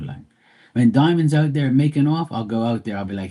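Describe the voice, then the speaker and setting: A man's voice: medium pitch, lively intonation, fairly quick, mellow, slightly rough. A man hosting a live stream, chatting casually with viewers in a blunt, profane, rambling way. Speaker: livestream host.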